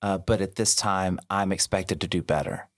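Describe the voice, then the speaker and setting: A man's voice: low voice, steady tone, moderate pace. A man in a casual podcast conversation, reflective and thinking aloud as he talks. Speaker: podcast co-host or guest.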